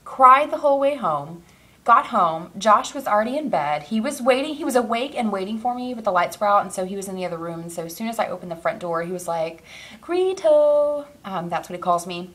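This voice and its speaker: A woman's voice: medium pitch, quick pace, fairly bright tone. Rambling, emotional young woman vlogger. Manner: rambling, emotional, self-interrupting with fillers and laughs. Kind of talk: casual personal vlog.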